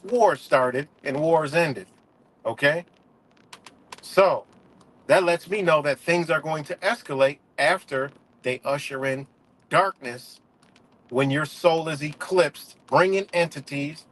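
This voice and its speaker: A man's voice: fairly high pitch, fairly bright tone. A man hosting a casual livestream, ranting heatedly and profanely with lots of fillers and restarts. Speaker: livestream host.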